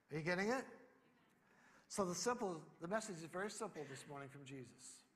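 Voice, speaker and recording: Male pastor with a high voice, emphatic and conversational, in a church with long reverb. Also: animated, fairly quick, fairly bright tone. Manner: emphatic, conversational preaching with rising bursts. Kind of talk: sermon. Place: church sanctuary.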